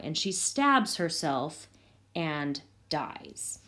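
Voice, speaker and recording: A woman's voice: low-pitched, sing-song, takes it slowly, fairly bright tone. A woman, probably a teacher, casually retelling a play scene and paraphrasing its lines in everyday words.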